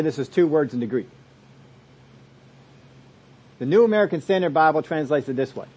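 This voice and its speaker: Man, pastor, expository sermon, fairly high voice, loud stresses and quiet asides. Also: dull audio. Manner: expository preaching, swings from loud emphasis to soft asides.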